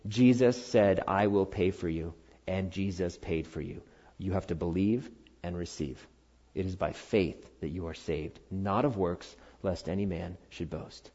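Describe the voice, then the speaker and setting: A middle-aged man preaching a sermon, earnest and animated, swinging from loud, high emphasis down to quiet, low conviction. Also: measured pace. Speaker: pastor. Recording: dull, slightly lo-fi sound.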